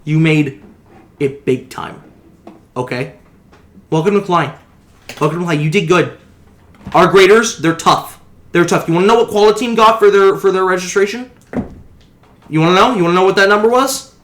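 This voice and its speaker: A man's voice: high-pitched, moderate pace, long pauses, a bit bright. A man voicing a boisterous, rambling middle-aged agency boss who hands out grades with folksy praise, in an echoey room. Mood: hearty. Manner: back-slapping, rambling, folksy.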